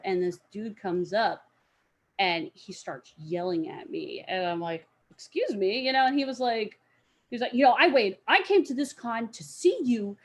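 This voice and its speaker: Animated young woman telling a story. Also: mid-range voice. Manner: animated, acts out voices in stories. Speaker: podcast guest, cosplayer. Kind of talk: casual storytelling chat.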